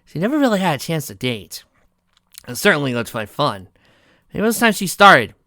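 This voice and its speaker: A woman's voice: deep voice, big pitch swings, normal speed, a bit bright. A woman reading fan fiction aloud with sarcastic asides. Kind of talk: dramatic reading with commentary.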